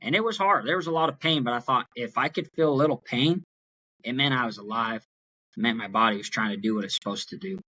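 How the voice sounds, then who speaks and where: Young male guest, bright and forward tone, earnest animated storyteller. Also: mid-range voice, fast talker, breathy edge. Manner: earnest, animated retelling with acted quotes. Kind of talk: storytelling in an interview.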